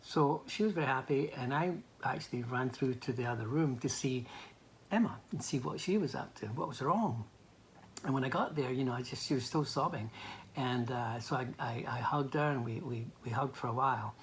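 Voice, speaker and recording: A man's voice: mid-range voice, moderate pace, slight background noise. Older man telling a training story. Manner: hesitant, anecdotal, many restarts. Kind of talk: motivational training talk with personal story.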